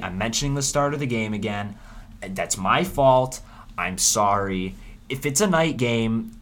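A man hosting a casual sports preview, rambling and animated with frequent restarts. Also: lowish voice, a little hiss or hum. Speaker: sports podcast host.

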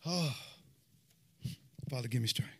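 A man giving a fervent sermon and personal testimony, telling his story in an animated way and peppering it with "man.". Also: medium pitch, takes it slowly, slightly rough. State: sweating, winded after worship. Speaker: lay preacher giving testimony.

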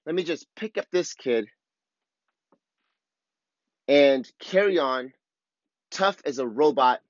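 A father vlogger in his thirties reflects candidly and confessionally on his struggles, swearing casually. His voice is on the high side, animated and slow. The audio is dull with no echo.

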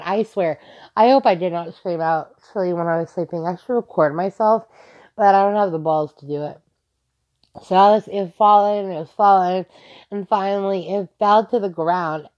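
A woman's voice: medium pitch, a little mellow. Young girl rambling on her podcast, says like a lot, swears some, kinda muffled lo-fi mic. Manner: rambling, loose, peppered with "like" and swearing. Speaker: podcast host. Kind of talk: casual solo podcast storytelling. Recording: slightly dull lo-fi recording.

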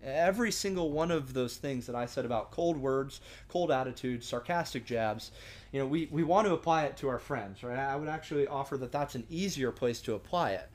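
A man's voice: mid-range voice, animated, a little fast. A young man leading a church discussion, teaching in an earnest, conversational sermon style with frequent restarts and rhetorical asides. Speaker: discussion leader.

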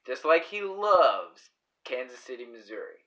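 A man chatting with a friend on a podcast over beers. His voice is bright and clear, and he talks slowly, rambling, trailing off and restarting as he gropes for words, with frequent laughs. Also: mid-range voice, very animated, dull audio. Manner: rambling, halting, laughs often. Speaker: podcast co-host. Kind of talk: casual chat over beers.

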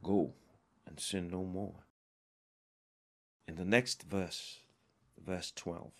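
A man preaching a sermon, emphatic and deliberate, with fervent raised passages. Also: sits low, lively intonation.

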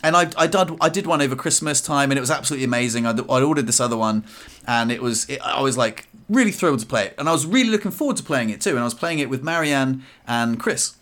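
A man's voice: medium pitch, expressive, fast, a bit bright. A man chatting casually on a podcast, rambling with fillers and restarts. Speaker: podcast co-host. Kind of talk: casual chat.

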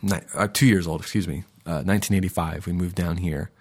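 Low-voiced man rambling through a podcast. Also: steady tone, a little fast, husky. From Florida, USA. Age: 30s. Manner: rambling and digressive, with many fillers. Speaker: podcast host. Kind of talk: casual podcast monologue.

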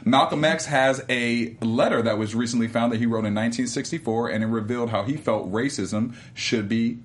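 A man hosting a panel talk show, joking and laughing with his co-hosts, then reading a long letter aloud slowly. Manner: playful, laughs often, reads aloud slowly and deeply. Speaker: host.

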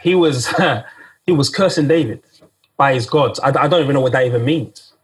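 A man's voice: medium pitch, moderate pace, husky. A man preaching a sermon in a casual, conversational way, often repeating himself and speaking straight to "guys".

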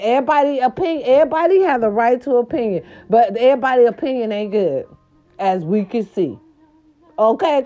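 A woman's voice: on the high side, a little mellow, muffled recording. A woman hosting a gossip commentary show, sassy and emphatic, repeating her catchphrases with theatrical swoops and growls. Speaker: gossip vlog host.

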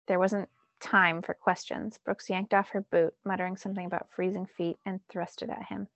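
A woman teacher reading a novel aloud in first-person narration, with lively emphasis. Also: fairly low pitch, normal speed, creaky, no room sound, highs cut off.

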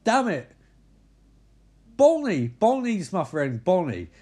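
A man's voice: mid-range voice, animated, slow, warm tone. A man doing a fed-up, frightened girlfriend. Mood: exasperated. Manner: curt, exasperated. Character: scared, irritated young woman.

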